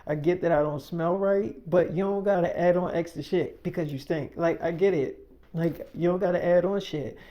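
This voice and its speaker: A man's voice: fairly high pitch, fairly even intonation, fairly quick, muffled recording, natural voice. A man voicing a defensive young woman who answers back indignantly.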